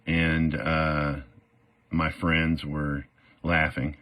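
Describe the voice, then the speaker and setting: A man's voice: a bass voice, level tone, very slow, fairly bright tone, dry recording. A middle-aged man telling his own story in a casual, rambling way, full of fillers and acted-out quotes. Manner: rambling, many "uh" fillers, acts out quoted voices.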